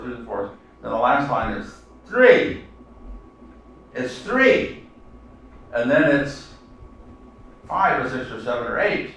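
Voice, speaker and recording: A man teaching a seminar class in a halting lecture style, full of fillers and restarts. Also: mid-range voice, fairly bright tone, a little hiss or hum. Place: seminar room. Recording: echoey room, mic far off.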